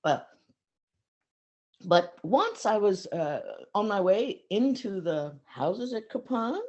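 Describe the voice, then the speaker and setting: A woman in her seventies recounting memories of her teacher in an emotional, pausing storytelling manner. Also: a little high, a little mellow. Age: 70s. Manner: emotional, pausing, acts out voices in her stories. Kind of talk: reflective storytelling talk.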